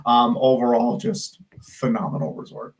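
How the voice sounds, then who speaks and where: A male guest talks steadily and plainly in a casual conversation. His voice sits at a middle pitch. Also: fairly even intonation, moderate pace, crowd noise, rough recording. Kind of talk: casual chat.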